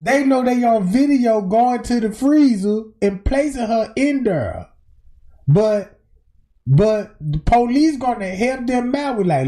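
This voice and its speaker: A man giving animated, slangy commentary on a clip during a livestream, exclaiming and cutting in. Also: very high voice, a little slow. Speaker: stream host reacting to a clip.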